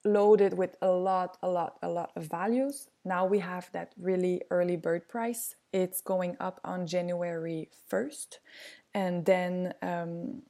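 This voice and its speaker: A native French speaker from Quebec with a French Canadian accent chats enthusiastically on a casual podcast as host and guest, using many fillers. Her voice is on the low side and dark, slow, with fairly even intonation.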